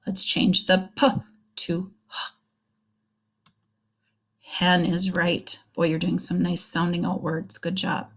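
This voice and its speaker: Slow, encouraging woman teaching reading. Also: fairly low pitch, little pitch movement. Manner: slow, encouraging, sounding words out. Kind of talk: early reading lesson for young children.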